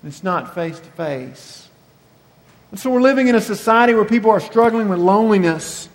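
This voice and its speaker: A man with a high voice preaches earnestly, slowing down to stress key words. His sermon rings through a large church hall with a long reverb. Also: lively intonation. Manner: earnest preaching, slows for emphasis. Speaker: pastor.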